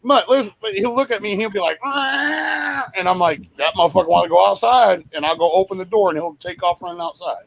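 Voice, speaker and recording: A man's voice: sits high, quick pace, creaky, hardly any pauses, crowd noise, rough recording. A man in casual group chat, telling stories with lots of swearing and imitating his cat's meows.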